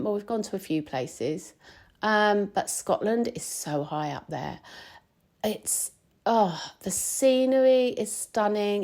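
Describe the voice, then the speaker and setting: A woman's voice: mid-range voice, dark tone. A woman hosting her podcast, chatting casually and rambling with many fillers and restarts while travelling. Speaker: podcast host. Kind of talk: casual chat. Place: recorded on the road while travelling.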